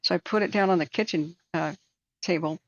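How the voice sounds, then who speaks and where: A woman's voice: fairly low pitch, a little fast, no echo, lo-fi sound. A woman hosting a live stream, chatting casually and telling rambling anecdotes with plenty of fillers. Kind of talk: casual chat and storytelling.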